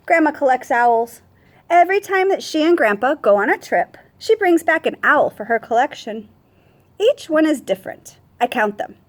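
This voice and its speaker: High, lively woman reading a storybook. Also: moderate pace. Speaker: first grade teacher. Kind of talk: reading a picture book aloud to children.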